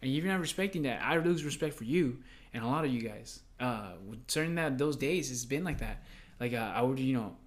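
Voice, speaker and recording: A young man talks casually on a podcast, rambling and swearing freely. His pitch jumps up and down a lot as he gets worked up telling stories from his front-desk job. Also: brisk. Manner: rambling, profane, animated storytelling. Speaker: podcast co-host.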